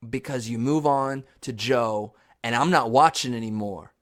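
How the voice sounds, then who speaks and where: A young man hosting his own podcast, telling a funny story solo in a loose, profane way, now and then jumping into high yelps. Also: measured pace, dry recording, clean studio sound. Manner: animated, swears a lot, jumps into high squeaky yells for emphasis. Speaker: podcast host.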